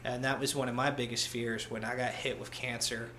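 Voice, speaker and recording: Male veteran guest, bright, forceful voice, swears a lot, tells stories with energy, roomy echo with faint noise behind. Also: mid-range voice, brisk. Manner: blunt, profane, animated storyteller. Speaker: interview guest, military veteran. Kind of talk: casual conversational storytelling.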